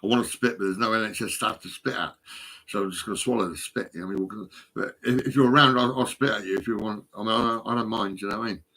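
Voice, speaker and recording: A middle-aged man rambles into his phone, his voice husky and rough at the edges. He swears constantly and swings between low mutters and agitated outbursts. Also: quick pace, bright, forceful tone. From England. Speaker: vlogger. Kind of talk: rambling monologue to camera.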